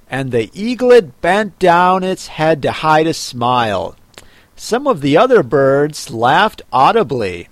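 A man reads a classic storybook aloud in a measured, expressive narration. His pitch moves lively while the pace stays slow. The recording is dry and close. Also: no echo. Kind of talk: storybook audiobook reading.

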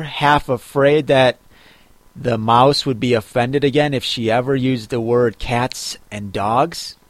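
A man reading a children's classic aloud in measured storybook narration. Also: medium pitch, steady tone, no echo. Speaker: audiobook reader.

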